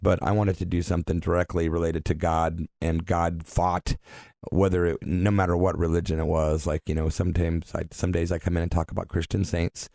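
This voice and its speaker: A man with a very low, gravelly voice hosts a laid-back radio chat, laughing easily between remarks. The studio sound is close and dry, with no room around it. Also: level tone, a little fast, a little mellow, no room sound. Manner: easygoing, laughs often. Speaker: radio show host. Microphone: studio microphone.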